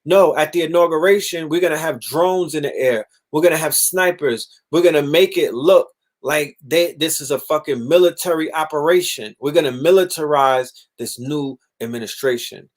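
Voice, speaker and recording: Animated, swearing man on a livestream. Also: on the high side, moderate pace, few pauses. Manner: animated, swearing, mocking voices in quotes. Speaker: livestream host. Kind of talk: casual livestream monologue.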